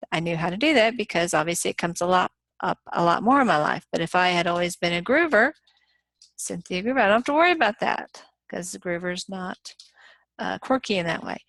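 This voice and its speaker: A woman teaching a recorded lecture, her voice sitting a little low. She explains step by step, with frequent ums and quick self-corrections. The sound is close and dry, with no room echo. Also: vocal fry, fairly bright tone. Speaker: instructor.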